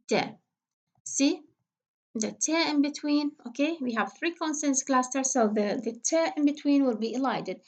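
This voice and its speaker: A woman's voice: high voice, a little mellow. Patient woman teaching English pronunciation. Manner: patient, repeats example words slowly, frequent fillers. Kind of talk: recorded phonetics lecture.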